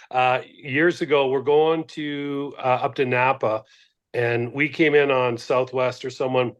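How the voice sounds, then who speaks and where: A man's voice: medium pitch, fairly even intonation, takes it slowly, dull audio. A middle-aged man co-hosting a casual podcast, telling meandering anecdotes that keep interrupting themselves. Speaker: podcast co-host.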